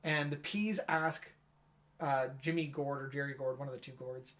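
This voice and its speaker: A man interviewing a guest in a casual conversation, affirming and chatty, quick to laugh. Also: mid-range voice, steady tone, a bit bright. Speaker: interviewer and youth ministry pastor.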